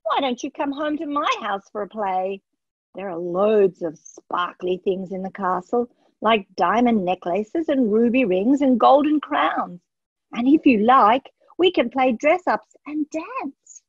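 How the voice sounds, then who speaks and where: A woman voicing a brave, loud young princess in a children's storybook, speaking with spirit and emphasis. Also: on the high side, animated, a little slow, breathy edge, no echo, full character voice. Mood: excited. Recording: dull lo-fi dry sound.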